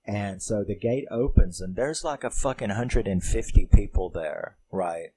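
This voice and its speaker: A man with a low voice recaps a film off the cuff, rambling with fillers, restarts and the odd curse. His tone stays mellow and warm as he gets worked up over the story. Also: animated, unhurried, slight background noise, poor audio. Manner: rambling, emotional, swears, many fillers. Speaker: film reviewer.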